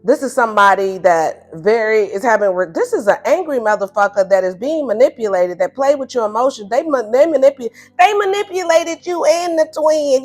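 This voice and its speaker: A woman giving a casual tarot reading, animated and blunt, who laughs often and acts out the listener's replies in playful higher tones. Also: brisk, hardly any pauses. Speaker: tarot reader. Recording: faint music behind.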